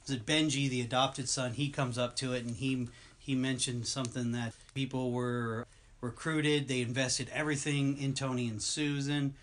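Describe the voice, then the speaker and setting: A man's voice: medium pitch, fairly even intonation, normal speed, fairly bright tone, a little hiss or hum. A man co-hosting a podcast in casual chat, rambling and going off on long tangents. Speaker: podcast co-host.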